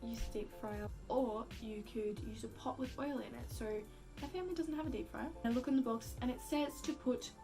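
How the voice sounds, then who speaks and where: Over music, a young female vlogger tells a story casually in a fairly high, fairly quick voice. She's chatty, leans heavily on "like," acts out quotes and swears casually.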